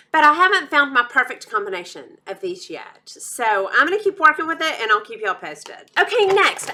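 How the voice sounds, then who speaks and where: A woman's voice: sits high, bright, forceful tone. A woman with a Texas accent giving a chatty, enthusiastic makeup review, calling her viewers y'all. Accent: Texan. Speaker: beauty vlogger. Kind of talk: casual product review.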